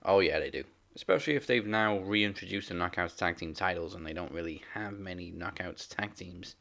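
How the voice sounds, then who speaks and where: A man's voice: sits low, fairly quick, creaky, fairly bright tone. A man co-hosting a casual wrestling podcast, chatty and opinionated, often restarting his words. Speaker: podcast co-host. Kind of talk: casual chat.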